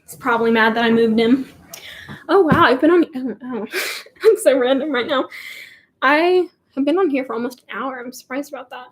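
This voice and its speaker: A woman's voice: high-pitched, moderate pace. A teenage girl rambling in a giggly, chatty way while answering viewer questions on a casual livestream. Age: teens. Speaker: livestream host. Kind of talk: casual live Q&A chat.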